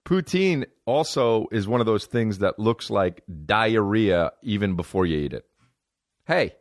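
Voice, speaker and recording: Profane rambling comedian, low dry voice. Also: male voice, expressive, measured pace, no echo. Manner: rambling, profane, acts out people in high mocking voices. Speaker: podcast host, comedian. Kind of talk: casual comedic monologue.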